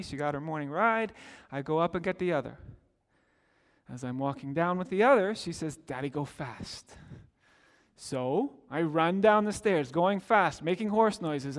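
A high-voiced middle-aged man, a pastor, preaches in a large hall. His sermon is storytelling in a conversational style, with the quotes acted out.

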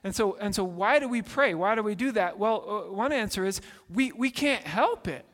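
A man preaches a sermon in a fairly high voice, earnest and prone to repeating himself and restarting his sentences. He carries his point through a story, building it up patiently. The sound has the long reverb of a large hall. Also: lively intonation, moderate pace, a bit bright. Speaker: pastor.

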